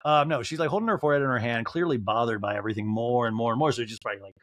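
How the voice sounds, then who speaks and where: A man hosting a podcast, recapping reality TV in an animated, crude comic style and laughing at his own jokes. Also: medium pitch, racing. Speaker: podcast host.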